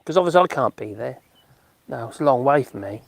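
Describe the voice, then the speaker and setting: A middle-aged man hosts a live stream, reading out viewer comments and answering them in loose, joking chat. He laughs often and slips in mocking asides. His voice sits at an ordinary pitch and sounds close and dry. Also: expressive, a little fast, gravelly, no room sound. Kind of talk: casual chat.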